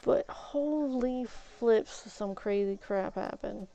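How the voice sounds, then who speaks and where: A woman's voice: a little high, takes it slowly, gravelly, warm tone. A woman streamer telling a story in a rambling way while she plays a game, swapping in "flip" for swear words. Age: adult, has an ex-husband. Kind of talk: casual storytelling while gaming.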